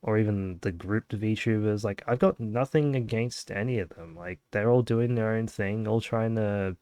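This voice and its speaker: A man's voice: fairly low pitch, moderate pace, darkish tone, dry recording. A young man hosting a casual podcast chat, rambling with many fillers. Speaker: podcast host.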